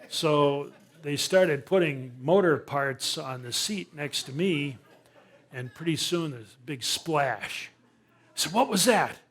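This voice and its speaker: An older man, a naturalist speaker, telling a humorous story to a live audience with lively sound effects and self-deprecating asides. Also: fairly high pitch, takes it slowly.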